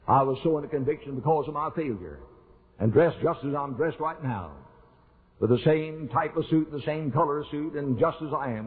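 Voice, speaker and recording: An older preacher tells his story to the congregation, earnest and repetitive, building his emphasis as he goes. His voice is rough and husky, with a middling pitch. The recording is narrow and tinny, like a phone line. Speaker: pastor. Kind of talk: sermon storytelling.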